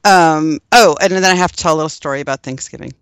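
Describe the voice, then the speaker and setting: A woman's voice: low voice, fast talker, clean tone, no room sound. Middle-aged woman, podcast co-host, chatty and rambling, dry close mic. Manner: chatty, rambling, many ums and laughs. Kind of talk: casual chat.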